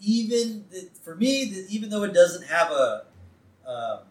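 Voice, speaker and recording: A man's voice: sits high, a little slow. A man co-hosting a podcast, chatting casually and laughing as he recaps a cartoon episode. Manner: animated, laughing, quotes lines in put-on voices. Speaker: podcast co-host. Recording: echoey room, a bit off-mic.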